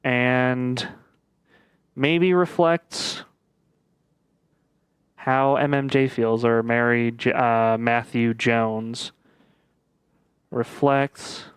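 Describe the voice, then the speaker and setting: A man talks through a puzzle game in a casual let's-play style, working things out aloud. He speaks slowly, with many pauses and fillers. His voice is very smooth and clear, recorded dry with no room sound. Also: medium pitch, fairly even intonation, no room sound. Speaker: gaming video creator.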